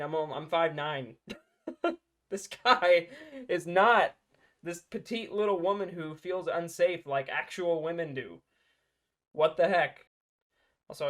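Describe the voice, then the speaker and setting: A man hosting a political reaction commentary, talking in a mocking, sarcastic way and breaking into laughter. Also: fairly high pitch.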